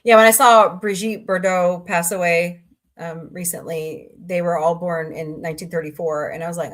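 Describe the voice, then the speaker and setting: Steady in tone and moderate in pace, her voice sits on the low side. This middle-aged Southwest Missouri streamer keeps it loose and talkative, rambling through a casual chat as she answers viewers' messages.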